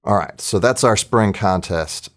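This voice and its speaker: A man's voice: on the low side, a little slow, fairly bright tone. A man teaching orchestra planning in a casual, chatty screen-recorded tutorial, thinking aloud as he works.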